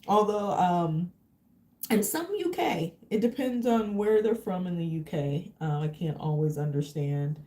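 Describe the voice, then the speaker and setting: A woman's voice: on the low side, lively intonation, measured pace, dark tone. A woman from Texas, chatting casually with viewers on a travel livestream, full of fillers and meandering asides. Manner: rambling, many fillers. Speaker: travel vlogger. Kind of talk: casual live chat with viewers.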